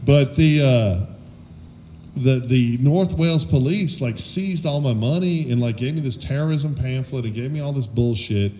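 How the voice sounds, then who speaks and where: A man's voice: mid-range voice, moderate pace, warm tone, a little hiss or hum. A middle-aged man hosting a casual political chat, talking bluntly and swearing freely as he rants his opinions. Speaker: podcast host.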